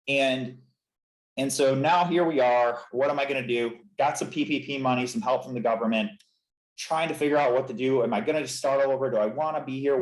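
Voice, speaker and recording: A man, a chiropractor, telling his story as a podcast guest in an earnest, reflective, emotional way. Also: mid-range voice. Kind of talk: candid podcast interview. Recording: roomy echo.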